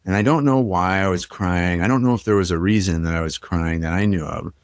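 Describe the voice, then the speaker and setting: A man's voice: low voice, fairly quick, dry recording, studio quality. A young adult man from Minnesota, a podcast guest reflectively telling his personal story with frequent fillers.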